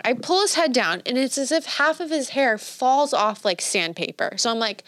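A young woman casually telling a story on a podcast, animated and swearing, acting out her own quotes. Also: fairly high pitch, fairly quick, hardly any pauses, no echo, clean studio sound.

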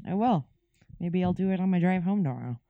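A man co-hosting a podcast in casual chat, easygoing and quick to laugh as he asks questions. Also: high-pitched, animated, no room sound, phone-quality sound. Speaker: podcast co-host.

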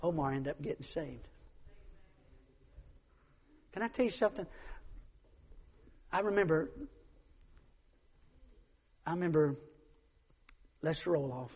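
A man's voice: fairly high pitch, lively intonation, takes it slowly, long pauses, darkish tone, slightly rough, big-room sound. A man preaching a sermon, emphatic, repeating his points and acting out the people in his stories. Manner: emphatic, repeats phrases, acts out quoted voices.

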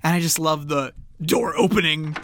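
A man's voice: on the high side, moderate pace, fairly bright tone, slight background noise. A man co-hosting a podcast, recapping a movie in casual chat and animatedly acting out the characters' lines. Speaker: podcast co-host.

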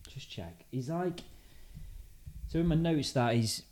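A man's voice: on the high side, animated, slow pace, darkish tone. A British man, a podcast host, casually telling a story and thinking aloud with restarts. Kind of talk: casual chat.

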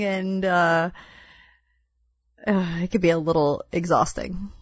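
Female podcast co-host, mid pitch, teasing and upbeat, dry dull recording. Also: animated, no room sound. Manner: playful, teasing, quick to laugh. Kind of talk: casual chat.

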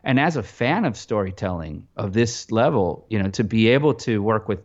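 Composer guest, male, low-pitched, chatty and rambling, slightly dull recording. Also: normal speed. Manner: rambling, animated, many restarts and fillers. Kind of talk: casual interview talk.

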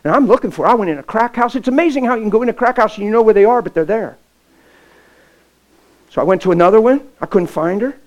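A pastor preaching a sermon with stories, impassioned and folksy, swinging from loud to hushed. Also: male voice, high voice, lively intonation, fast, poor audio. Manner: folksy, plain-spoken. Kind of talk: sermon with storytelling.

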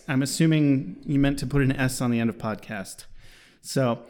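A man's voice: medium pitch, fairly even intonation, moderate pace, darkish tone. A man co-hosting a podcast in casual chat, joking, laughing often and reading listener reviews aloud. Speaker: podcast co-host.

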